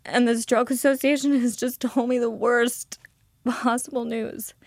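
Slow, halting woman telling a story. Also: on the high side, flat delivery, a little mellow, dry recording, clean studio sound. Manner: halting, emotional, with frequent restarts. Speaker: interview guest. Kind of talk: personal storytelling in an interview.

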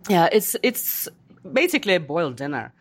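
Lively lady, author guest on an interview show, does little voices for people she quotes. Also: lowish voice, normal speed. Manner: animated, acts out quoted voices. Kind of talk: casual interview conversation.

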